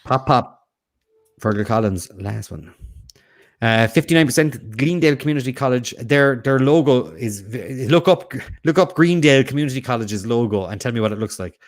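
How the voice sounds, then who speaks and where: A man hosts a casual quiz in a relaxed, chatty way. He reads the questions and answer options and breaks off into jokes and tangents. His pitch sits mid-range. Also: moderate pace. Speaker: quiz host.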